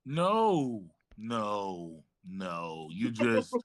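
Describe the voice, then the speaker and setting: A man's voice: fairly low pitch, huge pitch swings, extremely slow, no echo, pitched below the performer's own voice, exaggerated voice. A man doing a fussy, doting healer calling everyone darling. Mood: soothing. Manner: fussy, soothing, dismissive of worries. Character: doting theatrical male healer who calls everyone darling. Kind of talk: tabletop role-play voice.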